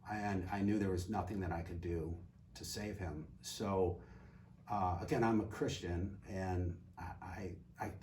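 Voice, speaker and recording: Low-voiced retired man telling a story. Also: a little slow. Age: older. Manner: animated storyteller, acts out quoted dialogue. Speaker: guest. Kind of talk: casual storytelling. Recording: distant mic with faint ambient noise.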